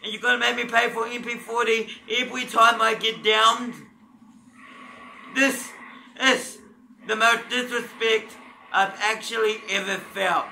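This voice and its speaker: A man giving loud, mocking gameplay commentary full of swearing and trash talk. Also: very high voice, flat delivery, a little slow, vocal fry, a little hiss or hum, poor audio. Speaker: gamer.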